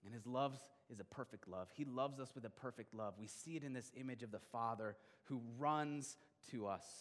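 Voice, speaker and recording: A middle-aged male pastor delivering a sermon, swinging between loud emphatic bursts and quiet, intimate stretches. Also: on the low side. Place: church sanctuary. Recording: long hall reverb.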